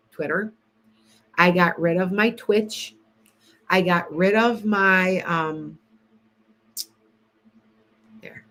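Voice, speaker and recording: A woman's voice: medium pitch, fairly bright tone. A woman hosting a casual psychic livestream, chatting with viewers by name and often restarting her sentences.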